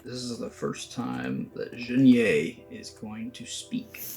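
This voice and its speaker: A man's voice: medium pitch, huge pitch swings, slow pace, vocal fry, darkish tone, faint music behind. A young man co-hosting a screenwriting podcast, chatting in a laid-back, teasing way with casual swearing. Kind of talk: casual chat.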